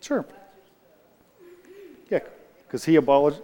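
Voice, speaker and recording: Man with a slightly higher voice running a relaxed Bible study, chatty and responsive, in a room with long reverb. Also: takes it slowly, highs cut off. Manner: conversational, loose, answers the group as he goes. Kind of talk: casual Bible study teaching.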